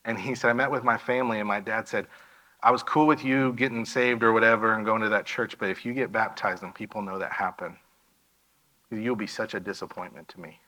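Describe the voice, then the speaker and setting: A man's voice: on the low side, steady tone, brisk, bright, forceful tone, poor audio. A man giving a missionary presentation in a church, telling a story and acting out the dialogue of the people in it.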